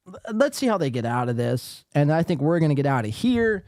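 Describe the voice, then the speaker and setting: Fairly high and darkish, his voice swings widely in pitch as he talks briskly. The East Coast podcast host casually comments on a livestream with sarcasm, reading the chat aloud and swearing a lot, recorded dry in studio quality.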